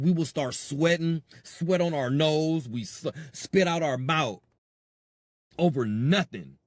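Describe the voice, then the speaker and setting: A man's voice: a little high, takes it slowly, no echo, clean studio sound. A man hosting a podcast, delivering an impassioned, sarcastic monologue. He repeats himself and speaks straight to his listeners. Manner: animated, swings between loud and quiet. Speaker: podcast host.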